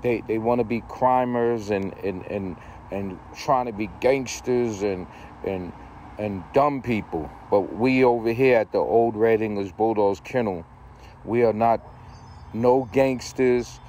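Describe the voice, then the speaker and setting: Male breeder, emphatic repetitive rant, slow delivery, slightly low voice, faint background noise. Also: darkish tone. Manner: emphatic, repeats himself, street slang. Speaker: dog breeder. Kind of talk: casual rant to camera.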